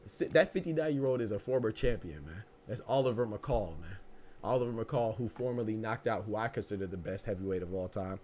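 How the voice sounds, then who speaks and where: A man's voice: fairly low pitch, fairly quick, mellow, slight background noise. A man hosting a live boxing podcast, reading chat comments and joking around with loose, profane mock anger and speech.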